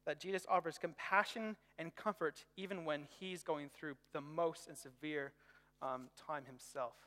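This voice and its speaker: A man preaching a sermon to young people in a lively, conversational way, with everyday stories. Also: a little high, measured pace, long reverb tail. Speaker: youth pastor.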